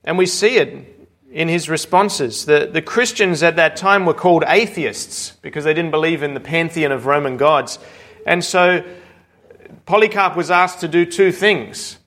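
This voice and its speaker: A man's voice: on the high side, a bit bright. A man preaching a sermon, earnestly retelling scripture and a martyr's story. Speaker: pastor.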